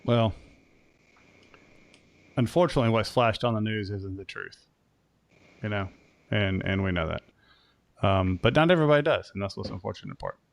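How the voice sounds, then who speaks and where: A man's voice: fairly low pitch, expressive, moderate pace, gravelly, long pauses. An American man hosting a motorcycle podcast, chatting casually and rambling with frequent restarts and fillers. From United States. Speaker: podcast host. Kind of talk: casual chat.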